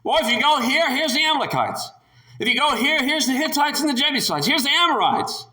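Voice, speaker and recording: Male preacher, high bright voice, emphatic and animated, echoey room. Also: brisk. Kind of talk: sermon.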